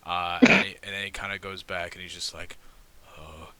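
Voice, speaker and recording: A man's voice: low voice, little pitch movement, a little fast, crowd noise. A man playing a tabletop game, describing his character's actions in a loose, casual way. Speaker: player.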